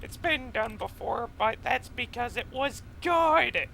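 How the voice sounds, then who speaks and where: A man with a high, gravelly voice talks through a video game in a loose, rambling way, drifting from topic to topic. His tone is bright and forceful, and he takes his time with an unhurried pace. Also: animated, slight background noise, poor audio. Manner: rambling, chatty, goes off on tangents. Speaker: let's play gamer. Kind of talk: casual gameplay commentary.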